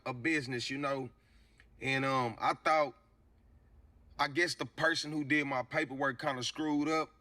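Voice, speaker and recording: A man's voice: medium pitch, pushed and bright. A man talking casually to camera, rambling with lots of fillers.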